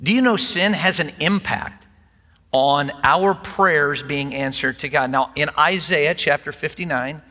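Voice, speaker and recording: A man's voice: a little high, a little slow, bright, forceful tone. An older man preaching a sermon to his congregation in a folksy, conversational way, mixing in light humor. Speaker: pastor. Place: church sanctuary. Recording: long hall reverb.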